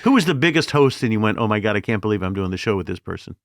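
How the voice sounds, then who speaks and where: A man's voice: lowish voice, lively intonation, racing, dry recording, clean studio sound. An older man hosting a podcast interview, asking short questions and laughing along. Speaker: host.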